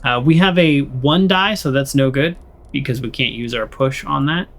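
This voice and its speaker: A man's voice: medium pitch, moderate pace. An American man casually playing through a story game, reading the text aloud and rambling in jokes between choices. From United States. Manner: rambling, joking, with restarts. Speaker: let's play host.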